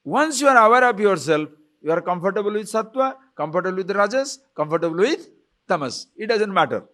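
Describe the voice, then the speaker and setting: Lively spiritual teacher. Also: male voice, high voice. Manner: animated, asks listeners rhetorical questions, chuckles often; chants Sanskrit phrases slowly. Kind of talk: spiritual lecture on scripture.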